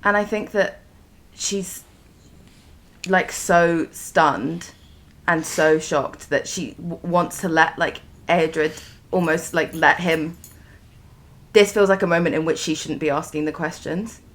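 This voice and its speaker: A woman's voice: low voice, fairly even intonation, slow pace, fairly bright tone. A woman playing a tabletop game, thinking aloud hesitantly about her character. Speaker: player. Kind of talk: describing character actions.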